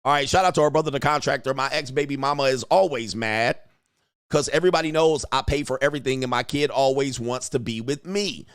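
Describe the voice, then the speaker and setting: A man hosting a livestream, ranting casually and profanely while acting out quotes in animated bursts. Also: mid-range voice, fairly quick, smooth. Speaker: livestream host. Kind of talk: casual commentary rant.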